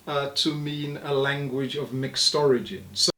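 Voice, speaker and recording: A man who is a linguist, explaining word origins in an interview in a measured, lecturing way. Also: mid-range voice, steady tone, sharp tone, echoey room.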